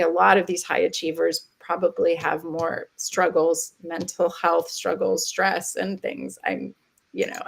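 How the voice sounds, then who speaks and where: A woman's voice: on the low side, vocal fry. A woman speaking on a webinar panel in a chatty way, often repeating words and acting out quoted dialogue. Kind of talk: casual webinar discussion.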